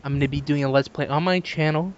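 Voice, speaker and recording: Man from Canada, podcast host; higher pitch, dull lo-fi sound; teasing, casual. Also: fairly even intonation, quick pace. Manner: teasing, laughs at own jokes. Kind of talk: casual gaming podcast chat.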